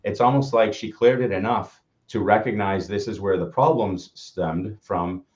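A man's voice: fairly low pitch, normal speed. A man co-hosting a casual coaching conversation, earnest and reflective. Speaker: podcast co-host. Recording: dull lo-fi audio.

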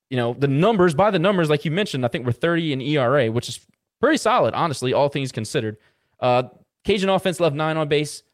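A man co-hosting a sports podcast, casually running through baseball box scores with lots of "uh" fillers. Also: medium pitch. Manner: rattles off baseball stats with filler "uh"s. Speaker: podcast co-host.

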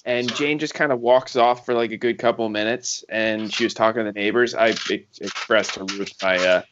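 A man's voice: fairly low pitch, steady tone, normal speed, fairly bright tone, a little hiss or hum. A man telling casual, loose anecdotes to friends on a call, swearing freely. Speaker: podcast co-host. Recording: muffled lo-fi call audio.

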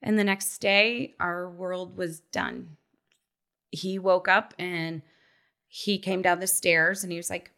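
A woman in her thirties telling a personal story in casual chat, acting out quotes with lively shifts. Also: lowish voice, slow pace. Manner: animated storyteller who acts out quotes. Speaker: guest, mother.

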